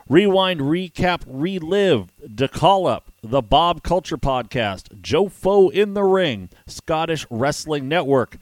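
A man hosting a wrestling podcast and chatting casually, rambling quickly with self-deprecating asides. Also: fairly high pitch, animated, dry recording. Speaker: podcast host and wrestling ring announcer.

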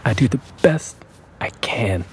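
A man's voice: medium pitch, animated, unhurried, a little hiss or hum, lightly acted. A young man narrating his own story in an audio drama, reflective and subdued. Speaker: narrator and lead character.

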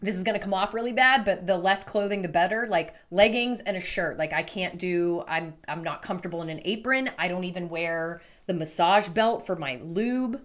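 A woman's voice: lowish voice, normal speed, hardly any pauses. Chatty woman co-hosting a podcast. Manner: chatty, frequent "like" fillers. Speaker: podcast co-host. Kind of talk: casual chat.

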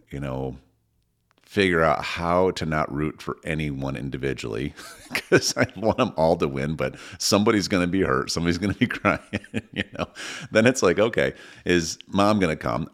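Middle-aged man, very low bass voice, rambling earnest co-host chatting about family. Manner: rambling, earnest, gets emotional. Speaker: podcast co-host, father of six. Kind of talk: casual conversation.

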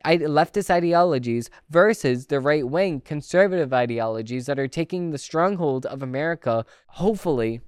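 Smooth-voiced man reading political news. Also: on the high side, darkish tone, dry recording, clean studio sound. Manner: opinionated, conversational asides between read passages; stumbles and restarts words when reading. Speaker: podcast host. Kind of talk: reading news articles aloud with political commentary.

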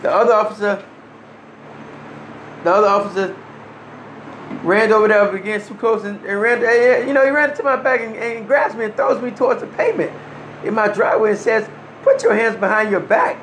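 Male storyteller, high voice, emphatic and earnest, slight room echo. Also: steady tone, fairly quick, long pauses, a bit bright, a little hiss or hum. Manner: earnest, emphatic, with short restarts and wry laughs. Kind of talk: personal first-person storytelling. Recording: roomy echo.

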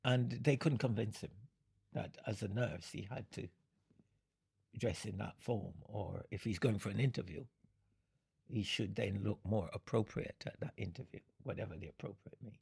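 An older man answering audience questions, explaining his points in an unhurried, halting way and chuckling between them. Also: lowish voice, gravelly, darkish tone, slightly rough. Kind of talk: Q and A talk.

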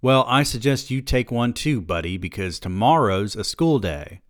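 A man voicing a high-strung, self-important novelist father at a wild party, in a comic reading. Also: animated, normal speed, dry recording, clean studio sound, close to an everyday voice. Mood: frantic. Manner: loud, frantic, exaggerated.

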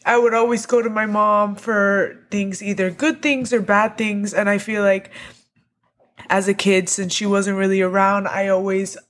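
A woman's voice: mid-range voice, steady tone, measured pace, fairly bright tone. A woman co-hosting a podcast, speaking emotionally and confessionally, close to tears. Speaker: podcast co-host. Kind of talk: casual podcast chat.

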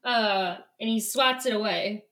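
A woman's voice: medium pitch, measured pace, fairly bright tone. A woman co-hosting a casual podcast, retelling a book's chapter with playful quoted lines. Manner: retells scenes with playful put-on character lines. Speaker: podcast co-host. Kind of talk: casual book recap chat.

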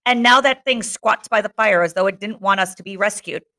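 A woman's voice: medium pitch, brisk, pushed and bright, close to an everyday voice. A woman voicing a frustrated, anxious boy leader in a read-aloud novel, her delivery tense and often raised.

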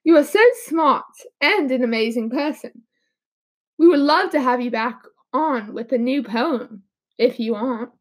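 A woman playing an effusive female podcast host with a put-on accent, full of high-flown praise. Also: animated, slow pace. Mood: gushing. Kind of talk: mock podcast hosting.

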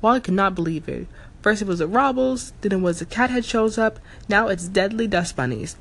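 A woman's voice: mid-range voice, a little fast. A woman reading a fantasy story aloud as narrator, telling it steadily with the odd slip and retake. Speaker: audiobook narrator.

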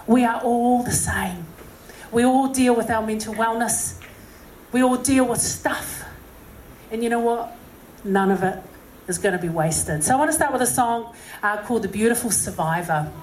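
In a rough recording from an echoey room with slight background noise, a New Zealand-accented singer tells a live audience her personal story and encourages them. She is chatty and self-deprecating, saying "you know" often, in an animated, somewhat high voice at normal speed.

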